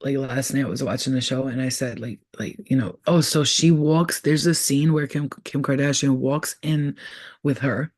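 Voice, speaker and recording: A man's voice: mid-range voice, fairly even intonation, moderate pace, no room sound, studio quality. A young man in a casual, rambling monologue who talks in a profane, conspiratorial way as a spiritual vlogger.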